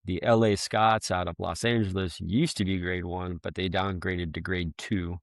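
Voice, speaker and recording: A man's voice: low voice, little pitch movement, normal speed, vocal fry, no echo, studio quality. A man talking as a podcast guest in a casual, rambling, self-deprecating way, laughing often. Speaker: guest, firefighter bagpiper.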